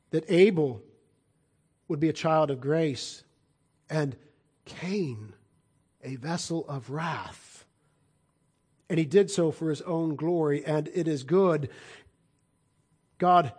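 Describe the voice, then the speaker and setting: A man delivers a sermon in a slightly higher voice. He alternates between forceful, emphatic proclamations and hushed, low asides. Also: husky. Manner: emphatic, swings between loud declarations and quiet low asides. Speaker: preacher.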